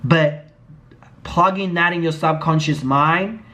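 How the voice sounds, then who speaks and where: A man with a slightly raised pitch delivers a blunt, profane rant straight to camera. He sounds indignant and talks like a comedian working through a grievance. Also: slow pace, sharp tone. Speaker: YouTube commentator. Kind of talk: casual commentary vlog.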